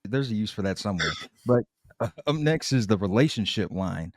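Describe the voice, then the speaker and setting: A man's voice: fairly low pitch, fairly quick, no echo, studio quality. A man co-hosting a podcast, casually recapping comedy sketches. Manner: recaps sketches with lively acted quotes. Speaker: podcast co-host.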